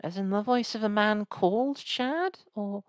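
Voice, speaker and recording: A woman's voice: medium pitch, a little slow, smooth, no room sound. A woman chatting casually and rambling while she live-streams old games. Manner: rambling, chatty, lots of restarts and asides.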